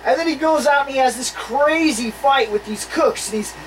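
A podcast co-host telling stories in casual chat, animated and swearing freely, laughing between lines. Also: high-pitched, normal speed, recorded from a distance, a little hiss or hum, poor audio.

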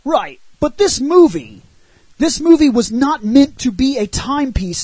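A man on a podcast, casually and animatedly recounting a movie's plot and arguing for it, with a husky voice and loose swearing. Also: very high-pitched, unhurried, no room sound, low-quality recording. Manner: animated retelling with frequent swearing. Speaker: podcast co-host reviewing a film. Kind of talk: casual film discussion.

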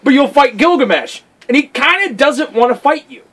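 High-voiced man telling animated stories. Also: normal speed, breathy edge, rough recording. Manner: profane, animated storytelling with acted-out quotes. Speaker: podcast co-host. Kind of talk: casual chat.

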